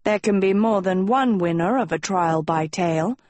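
A woman's voice: mid-range voice, normal speed, a little mellow, no echo, natural voice. A woman voicing a pompous talking dog who reads out school rules in a formal, lecturing way. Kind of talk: audiobook character voice.

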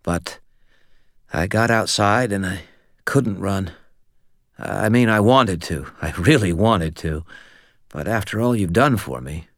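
In an audiobook reading, a man puts on a jittery young medic whose voice comes out thick and clogged, as if through a swollen nose. He rambles and hesitates, earnest and a little shaken, pitched a touch above a deep, dry narrating voice. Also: expressive, slow, pauses often, no echo, exaggerated voice. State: thick, slurred, stuffed-up voice from a broken nose. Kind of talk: audiobook character voice.

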